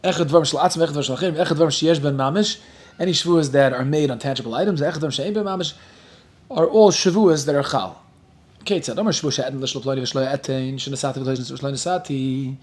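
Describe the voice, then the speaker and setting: Lively rabbi teaching Talmud, fairly high voice. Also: male voice, fast. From Williamsburg, Brooklyn. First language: Yiddish. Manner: lively, joking, mixes Hebrew and Yiddish terms into English. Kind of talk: Talmud class.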